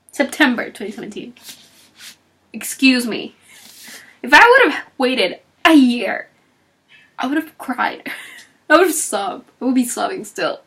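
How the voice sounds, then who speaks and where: A woman giving a casual book talk, chatty and animated, acting out characters' lines as she retells the story. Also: high voice, slightly rough. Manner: chatty with frequent fillers and laughs. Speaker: book reviewer.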